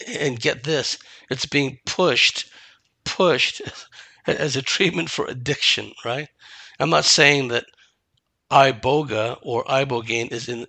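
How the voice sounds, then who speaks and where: A man's voice: mid-range voice, creaky, pushed and bright, no room sound. A man giving a solo commentary monologue, emphatic and dismissive, asking rhetorical questions.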